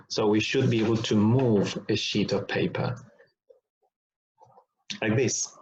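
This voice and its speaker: Slow, deliberate male teacher. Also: fairly low pitch, fairly even intonation, a little mellow. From Argentina. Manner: deliberate, repeats example words to show sounds, checks in with "all right?". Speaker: phonetics teacher. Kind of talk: recorded online lesson. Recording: dull lo-fi recording.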